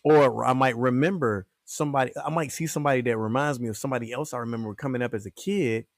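A man's voice: mid-range voice, fast, dry recording, studio quality. A man, a guest comedian, talking in a rambling, casual way. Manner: rambling, many fillers and restarts. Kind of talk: casual interview chat.

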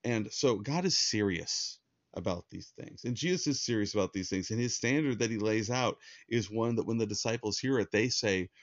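A man's voice: on the low side, normal speed, no echo, dull audio. A man preaching a conversational sermon in an earnest, plain-spoken way, with fillers and restarts. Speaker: pastor.

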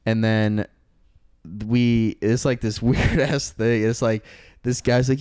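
Rambling young man, mellow smooth voice. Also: medium pitch, steady tone, slow pace, no room sound, studio quality. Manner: rambling, heavy on fillers and swearing. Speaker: storyteller. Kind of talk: casual podcast chat.

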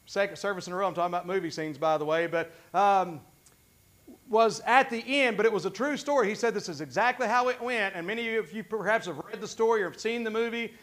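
A man's voice: sits high, quick pace, fairly bright tone. A man preaching a sermon as pastor, fervent and conversational, often restarting his sentences.

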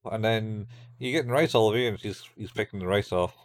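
A man with a fairly low voice, recorded dry and close with no room sound. He talks in a laid-back way and adds plot details as a podcast co-host. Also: fast, no room sound. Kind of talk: casual chat recapping an anime.

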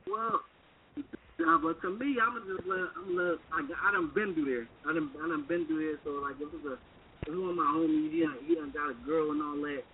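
A man's voice: on the high side, brisk. A man calling in to a radio show, rambling with lots of fillers and repeated phrases. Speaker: caller and musician. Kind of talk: casual phone call to a radio show. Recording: tinny phone line with hiss.

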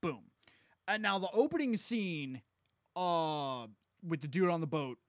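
A man's voice: fairly high pitch, big pitch swings, a little slow, no room sound, studio quality. A young man co-hosting a casual movie podcast, laid-back and methodical as he recaps plots, swearing now and then. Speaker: podcast co-host. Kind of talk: casual movie-review chat.

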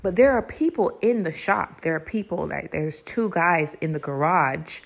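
A young woman hosting a podcast, telling a story in a casual, animated way, cursing freely and laughing between lines. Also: low-pitched, normal speed, gravelly. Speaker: podcast host.

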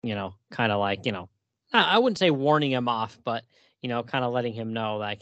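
A man's voice: mid-range voice, normal speed, no echo, dull audio. Laid-back guy rambling about comics, lots of you knows, dry close mic. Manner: relaxed, many fillers, laughs often. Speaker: podcast co-host. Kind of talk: casual chat about a comic book.

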